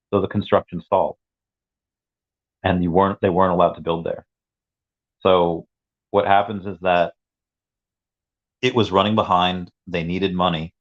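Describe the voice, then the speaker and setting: A man's voice: low voice, flat delivery, normal speed, long pauses. A man on a casual livestream, rambling through a long story with many restarts and asides to chat. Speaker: streamer. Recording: dull lo-fi sound.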